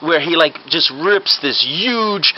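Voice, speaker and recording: A man's voice: fairly high pitch, expressive, slow. A man casually telling a rambling prank idea, chuckling as he goes and tagging lines with "right?". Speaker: comedic storyteller. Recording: slightly muffled with faint hiss.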